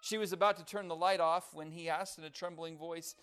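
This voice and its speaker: A man preaching a sermon, building to loud emphatic declarations and dropping soft on key phrases. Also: fairly high pitch, fairly even intonation, a little fast, clear, resonant tone.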